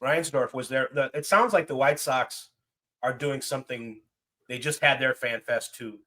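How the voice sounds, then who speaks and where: Man, podcast co-host, casual, wry, bright forward tone. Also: medium pitch. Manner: easygoing, quick wry asides. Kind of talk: casual chat.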